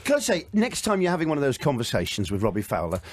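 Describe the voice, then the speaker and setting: A man hosting a sports radio show, joking and quizzing his guest in quick, eager chat. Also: mid-range voice, huge pitch swings, a crowd in the background. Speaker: radio host.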